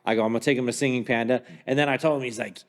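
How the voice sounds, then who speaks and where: Fast-talking man telling stories. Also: mid-range voice, fairly even intonation, long reverb tail. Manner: storytelling, acts out quotes. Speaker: podcast co-host. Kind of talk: casual chat.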